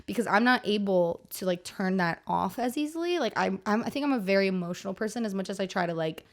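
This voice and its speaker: A woman's voice: mid-range voice, lively intonation, fast talker. Rambling, chatty young-sounding woman. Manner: rambling, heavy use of "like", frequent restarts. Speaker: podcast co-host. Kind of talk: casual chat.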